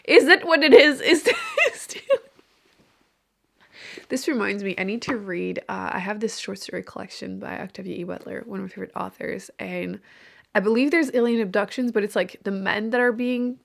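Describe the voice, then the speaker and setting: Her mid-range voice is steady and creaky, and she talks fairly quickly. She's a woman book vlogger in a room at home, chatting casually to a microphone, giggly and self-deprecating as she reacts to her reading.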